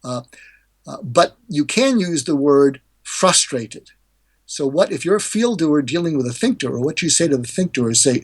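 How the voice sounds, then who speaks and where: Older male guest, husky and fairly high, animated explainer who mimics the people he quotes. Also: normal speed. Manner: animated, acts out quoted dialogue with pitch jumps. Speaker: guest, hostage negotiator and author. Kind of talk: podcast interview, explaining techniques.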